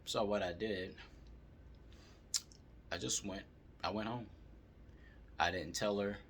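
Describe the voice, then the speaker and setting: A man calmly telling a story as he gives dating advice to male viewers. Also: lowish voice, slow, a little hiss or hum. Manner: calm, steady storytelling.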